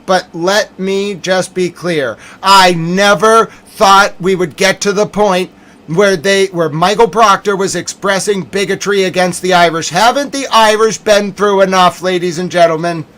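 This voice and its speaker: Homem agudo em desabafo indignado teatral. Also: male voice, high-pitched, fairly even intonation, measured pace. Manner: theatrical mock outrage, swinging between loud and muttered. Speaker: livestream commentator. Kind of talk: mock-outraged livestream rant.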